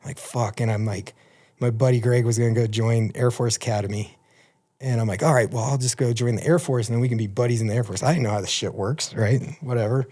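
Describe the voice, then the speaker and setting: A man's voice: medium pitch, fairly even intonation, fast, mellow. Profane storytelling man in his fifties. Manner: profane, rambling anecdotes. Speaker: podcast guest. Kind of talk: casual storytelling.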